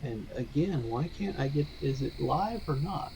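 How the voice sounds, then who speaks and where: Over a noisy background, a man streaming an online role-playing game troubleshoots his audio aloud, muttering and a little exasperated between casual chat. His medium-pitched voice is creaky and unhurried, with lively intonation and the odd crack.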